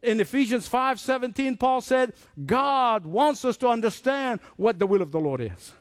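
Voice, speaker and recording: A man preaching a sermon, telling stories with lively acted-out voices. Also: sits high, no echo, clean studio sound. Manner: animated storytelling, acts out voices.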